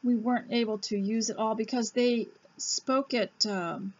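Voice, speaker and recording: A woman host reading an old school reader aloud, breaking off into chatty asides and admitting she talks too fast. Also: fairly high pitch, steady tone. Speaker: homemaking radio host. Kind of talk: casual reading lesson. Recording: dull lo-fi recording.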